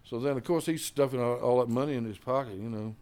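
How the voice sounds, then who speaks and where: A man's voice: quick pace, darkish tone, clean tone. An older man, a jazz musician, casually telling long stories about his early days, full of "you know" and "man", acting out the people he quotes. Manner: acts out others' quoted lines with raised pitch. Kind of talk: casual storytelling.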